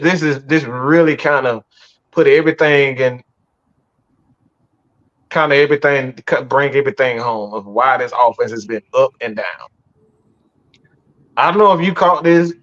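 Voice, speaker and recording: A man's voice: fairly high pitch, moderate pace, long pauses, a bit bright. Profane, fired-up man ranting about football. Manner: profane and exasperated, stammering restarts. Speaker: sports podcast host. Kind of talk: post-game reaction rant. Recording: dull lo-fi stream audio.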